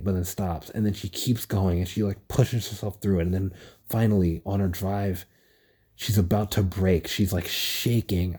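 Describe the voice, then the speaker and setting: A young man alone at home, recording a casual solo rant on his phone, rambling excitedly and swearing often. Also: low voice, husky. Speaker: podcast host. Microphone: phone recording app.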